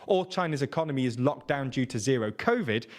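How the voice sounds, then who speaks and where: A man narrating a scripted news explainer in a measured, informative way. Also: medium pitch, animated.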